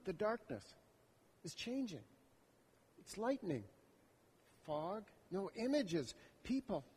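A man with a high, breathy voice delivers a slow first-person monologue. His tone stays intimate and reflective, as if voicing his own thoughts. The recording carries a long hall reverb. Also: very animated, a little mellow. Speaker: storyteller.

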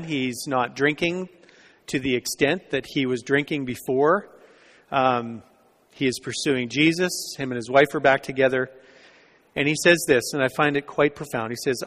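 A man preaching a sermon in a church, telling a story and often dropping into soft, hushed lines. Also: mid-range voice. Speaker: pastor. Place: church sanctuary. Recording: long reverb of a church hall.

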